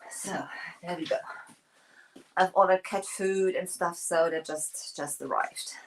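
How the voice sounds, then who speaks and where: A woman's voice: on the low side, steady tone, unhurried, slight background noise, rough recording. A woman hosting a livestream, chatting casually and rambling with many fillers while she paints furniture.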